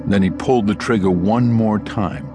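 A man narrating a thriller audiobook in a measured, expressive reading. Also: lowish voice, music in the background. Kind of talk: scripted narration.

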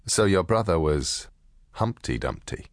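A man reading an audiobook and voicing a world-weary, wisecracking male private eye in clipped, gruff tough-guy talk. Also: sits low, animated, unhurried, no echo, studio quality. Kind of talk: audiobook character voice.

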